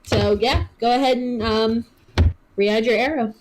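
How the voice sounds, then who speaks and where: Woman GM, higher voice, halting narration full of ums. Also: steady tone, slight background noise, rough recording. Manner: hesitant, many fillers. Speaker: game master. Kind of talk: narrating a tabletop game.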